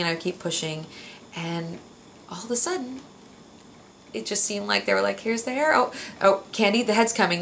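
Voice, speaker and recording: A woman's voice: on the low side, creaky, a bit bright, slight background noise. A young woman, a new mother, telling her birth story in a rambling casual way, tired and close to tears. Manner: rambling, many fillers and restarts.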